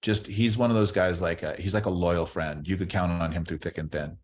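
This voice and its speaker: A man's voice: low voice, fairly even intonation, fairly quick. A middle-aged man, a former ballplayer, chatting loosely as a podcast guest, rambling and repeating words as he restarts his sentences. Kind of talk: casual interview chat.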